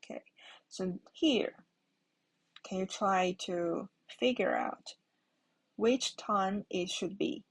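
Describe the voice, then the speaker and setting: A woman's voice: mid-range voice, slow pace, creaky, pauses often, breathy edge. A woman giving a patient Mandarin lesson, repeating each word twice as she explains the tones. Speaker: Mandarin teacher. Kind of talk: slow explanatory language lesson.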